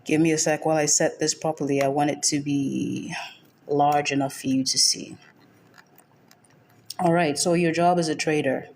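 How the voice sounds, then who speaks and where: A woman's voice: sits low, fairly even intonation, moderate pace, long pauses, darkish tone, slight background noise. A woman from Nigeria hosting a livestream trading lesson. She welcomes viewers by name and is firm and direct, repeating her key points. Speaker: forex trading mentor.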